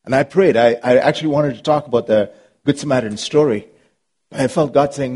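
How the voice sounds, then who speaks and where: A man's voice: medium pitch, fairly quick, a little mellow, slightly rough. A man preaching an earnest sermon as pastor, repeating phrases and rising into passionate, pleading prayer.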